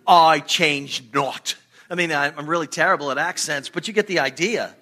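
A man's voice: fairly high pitch, fast, sharp tone. A man preaching a sermon as a pastor, earnest and emphatic, often repeating words as he builds a point.

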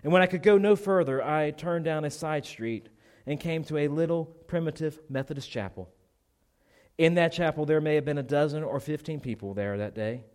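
A man's voice: on the high side, moderate pace, darkish tone. A man preaching a sermon, earnestly telling a conversion story and reading a memoir aloud.

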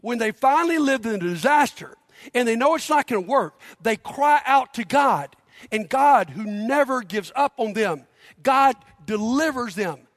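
A man's voice: very high voice, animated, normal speed, a bit bright. A man preaching a sermon as pastor, emphatic, leading the congregation in call-and-response. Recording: long hall reverb.

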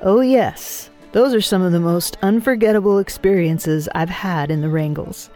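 Mellow-voiced woman narrating calmly. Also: fairly low pitch, normal speed, faint music behind. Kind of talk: scripted narration and interview.

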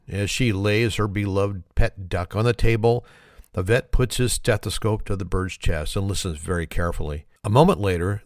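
A man's voice: low-pitched, dry recording, clean studio sound. A man telling corny one-liners and a long shaggy-dog joke, laughing at his own punchlines and apologizing for them. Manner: self-deprecating. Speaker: joke teller.

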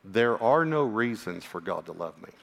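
A man preaching a sermon as a pastor, earnest and personal, sometimes dropping to a hushed voice for emphasis. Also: lowish voice, animated, normal speed, gravelly. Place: church. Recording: long hall reverb.

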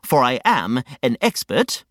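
A woman's voice: rumbling low, very animated, a little slow, no echo, studio quality, pitched below the performer's own voice, exaggerated voice. A woman voicing a pompous, grumpy older male know-it-all with a huffy manner. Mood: indignant.

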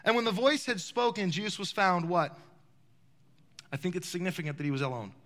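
A man's voice: sits high, animated, a little fast, a bit bright. A man preaching a sermon to his congregation in a large church, asking them rhetorical questions as he speaks. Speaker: pastor. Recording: long hall reverb.

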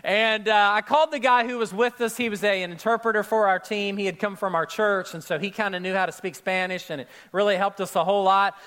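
A man preaching a sermon, opening with a lively personal story and speaking straight to his congregation. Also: high voice, fairly quick, few pauses, clear, resonant tone. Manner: storytelling, animated, addresses crowd directly. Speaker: pastor.

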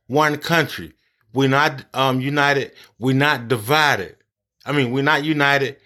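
A man's voice: mid-range voice, sharp tone. A man ranting angrily about politics, profane and blunt. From United States. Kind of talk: angry political rant.

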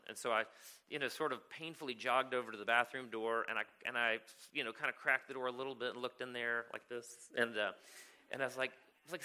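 A man's voice: mid-range voice, fairly even intonation, fast talker, pushed and bright. A man preaching a sermon as a pastor, telling a story and often checking in with "right?". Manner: storytelling, keeps asking "right?".

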